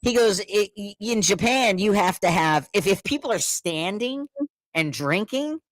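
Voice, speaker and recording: A middle-aged man telling a story in casual chat, animated, laughing often and acting out what others said. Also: sits high, a little slow, no room sound. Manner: animated, laughing, repeats words, acts out quotes.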